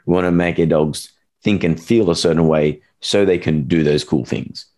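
Man, very deep voice, casual rambling chat, animated storytelling. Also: moderate pace. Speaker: dog trainer, podcast co-host.

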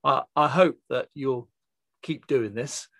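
A man hosting a casual interview, enthusiastic and halting, often restarting his sentences. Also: medium pitch, fairly bright tone, dry recording, clean studio sound. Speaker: podcast host.

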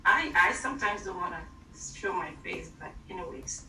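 A woman with an African accent giving an informal online sermon from home, halting, with many fillers and restarts. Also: lowish voice, expressive, sharp tone, echoey room, far from the mic, a little hiss or hum, rough recording. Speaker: church teacher.

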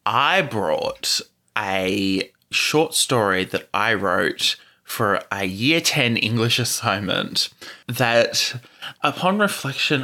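A man's voice: medium pitch, bright, forceful tone. A man chatting casually as a podcast guest, rambling and full of fillers. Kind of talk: casual chat.

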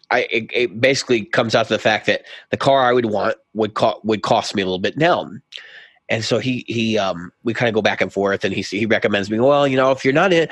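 A man's voice: medium pitch, dry recording. A middle-aged man co-hosting a casual podcast, animatedly acting out both sides of a conversation as he tells a story. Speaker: podcast co-host.

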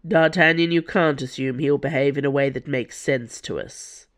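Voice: mid-range voice, normal speed, lightly acted. Narrator as stern musketeer, curt, serious, snapping.

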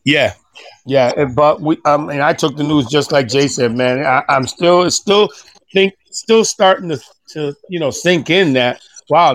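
A man's voice: a little high, fairly bright tone. A middle-aged man on a podcast, talking casually and with feeling, often stumbling and restarting his sentences. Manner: halting, many restarts and fillers. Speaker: podcast guest. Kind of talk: casual emotional chat.

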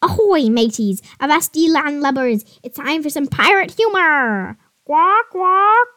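A woman's voice: animated, unhurried, no room sound, studio quality, exaggerated voice. A woman voicing a cheeky, squawking pirate parrot who keeps butting in to tell jokes. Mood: joking. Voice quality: squawking, loud and shrill.

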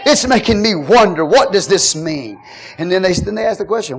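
A man preaching a fervent sermon, calling out to the congregation and shouting at the peaks. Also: sits high, animated, normal speed, creaky. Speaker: pastor.

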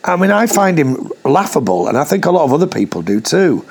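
A man's voice: on the high side, big pitch swings, brisk, a little mellow, breathy edge. Blunt, sweary Northern English man. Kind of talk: casual chat over video call. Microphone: video call.

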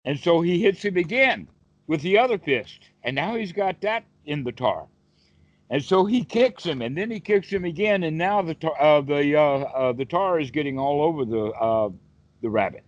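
A man's voice: fairly high pitch, expressive, moderate pace, no echo. A man teaching as a dharma teacher, telling a folk tale in a folksy, rambling way with many fillers on a video call. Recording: dull, dry video call audio.

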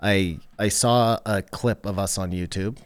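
Male podcast co-host, low voice, dry room, wry quips. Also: fairly even intonation, a little slow, clean tone, no room sound. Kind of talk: casual podcast chat.

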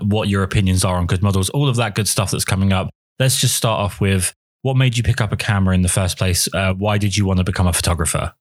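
A podcast host chats casually with a guest, asking questions in a talkative, self-deprecating style. His voice is lowish, and the studio-quality recording has no echo.

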